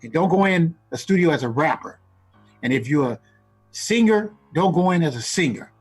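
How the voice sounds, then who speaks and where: A man co-hosting a casual radio show, giving animated advice to recording artists. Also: a little high, a little fast, slightly rough, soft background music. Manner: animated, acts out rap lines and ad-libs. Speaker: co-host giving music industry advice.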